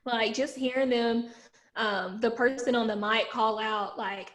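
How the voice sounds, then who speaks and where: A woman hosting a podcast, with a gravelly voice, talking in a hesitant way full of fillers. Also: fairly high pitch, level tone, a little slow. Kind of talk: casual podcast chat.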